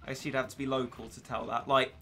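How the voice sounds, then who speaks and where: A man's voice: mid-range voice, little pitch movement, quick pace, bright, forceful tone. A young English man streaming a game with casual, rambling, self-deprecating chat and frequent laughs. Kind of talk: casual gaming commentary.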